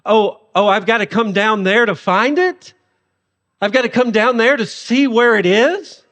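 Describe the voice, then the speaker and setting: A man's voice: high voice, unhurried, fairly bright tone, big-room sound. A man voicing a sarcastic, all-powerful God who mocks tiny humans, in a sermon. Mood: mocking. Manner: mocking, sarcastic.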